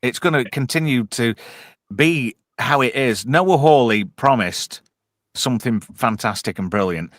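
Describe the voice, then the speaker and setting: A man's voice: medium pitch, expressive, unhurried, fairly bright tone, no room sound, clean studio sound. Blunt, sweary man. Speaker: host. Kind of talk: casual podcast chat.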